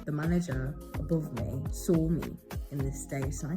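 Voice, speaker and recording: A woman's voice: deep voice, fairly even intonation, normal speed, over loud music. A woman in her twenties telling a frank, wry personal story, with swearing. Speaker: vlogger. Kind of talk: confessional storytelling monologue.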